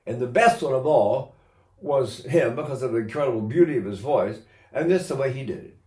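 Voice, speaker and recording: A man's voice: medium pitch, lively intonation, a little fast, warm tone, roomy sound. An older man teaching singing technique in a rambling way, breaking into sung vowels and imitated voices to demonstrate. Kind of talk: recorded voice lesson.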